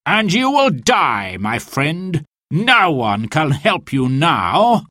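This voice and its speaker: Man voicing a villainous storybook knight, scheming, very slow drawl, dry sound. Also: a little high, huge pitch swings, pushed and bright, dry recording, voice pushed up, full character voice. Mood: menacing. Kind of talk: storybook reading.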